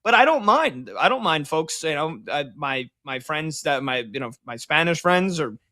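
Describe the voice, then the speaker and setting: A man's voice: on the high side, lively intonation, moderate pace, pushed and bright. A man co-hosting a sports radio show, rambling loosely and joking in casual banter.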